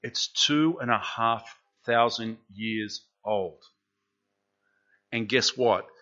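Chatty male pastor, bright lo-fi sound. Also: medium pitch, drawn-out words. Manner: chatty, asks the congregation questions. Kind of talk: interactive sermon. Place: church.

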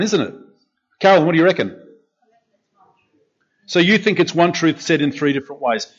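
A man's voice: on the high side, breathy edge. A man preaching a conversational sermon as pastor, questioning the congregation and repeating phrases as he thinks aloud. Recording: dull lo-fi recording.

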